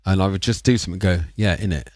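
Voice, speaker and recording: Chatty man with a low voice. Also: steady tone, rapid-fire, darkish tone, no room sound, studio quality. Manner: rambling, chatty and self-mocking. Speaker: livestream music producer. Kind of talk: casual live-stream chat.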